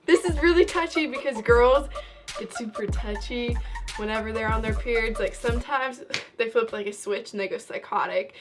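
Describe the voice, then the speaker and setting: A woman's voice: fairly high pitch, moderate pace. Chatty young woman vlogger over music. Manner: chatty, rambling, upbeat. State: out of breath. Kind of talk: casual advice vlog.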